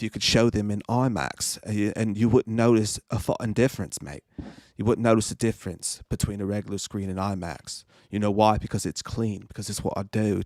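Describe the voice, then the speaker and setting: A man doing a mocking impression of a snobbish film director, with a slow, low, drawling voice and a muddled accent. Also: no room sound, studio quality, lightly acted.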